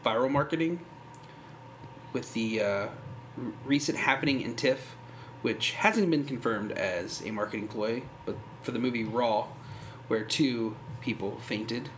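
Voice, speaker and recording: A man's voice: mid-range voice, measured pace, a bit bright, slight background noise. A man hosting a film review podcast, joking around and stumbling over restarts. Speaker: podcast host. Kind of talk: casual chat.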